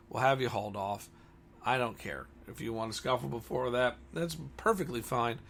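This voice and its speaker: A man's voice: mid-range voice, gravelly, fairly bright tone, slight background noise. A man who owns a comic store, talking bluntly and combatively in a ranting monologue.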